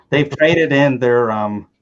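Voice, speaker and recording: A man's voice: mid-range voice, muffled recording. A man from the American South telling rambling, joking stories in a casual chat, often restarting his words.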